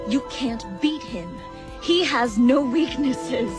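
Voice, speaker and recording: An actress voicing a wry young woman who brushes off her friends' doubts, in a dry, offhand delivery, from a film clip with a loud score. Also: high-pitched, slow pace, over music. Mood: defensive.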